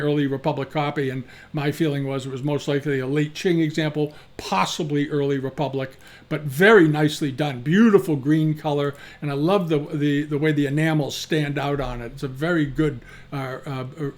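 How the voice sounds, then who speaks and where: A man's voice: fairly high pitch, a little mellow. A man giving casual, opinionated commentary on antiques auctions, talking frankly and often restarting his sentences.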